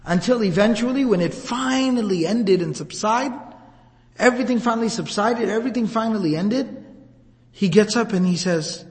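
A man's voice: high voice, moderate pace. A man retelling an old account as a religious teacher, in a casual, vivid, conversational lecture style. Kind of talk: storytelling lecture. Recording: long hall reverb.

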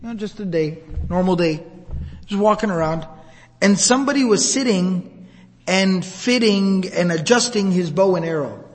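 A man retelling an old account as a religious teacher, in a casual, vivid, conversational lecture style. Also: high voice. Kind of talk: storytelling lecture. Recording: long hall reverb.

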